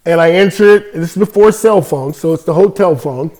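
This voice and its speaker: Older guy from california, ex ballplayer, chatty storytelling w lots of uhs and laughs, slightly high voice. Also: fairly quick. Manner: animated anecdote telling with frequent laughs and fillers. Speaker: podcast guest, former baseball player. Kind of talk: casual storytelling interview.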